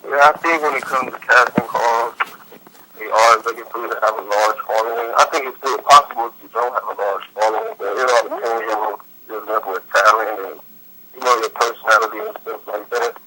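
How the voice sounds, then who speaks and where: A man from California, a comedian guest answering interview questions in a relaxed, laid-back way. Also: on the low side, a little fast, background noise.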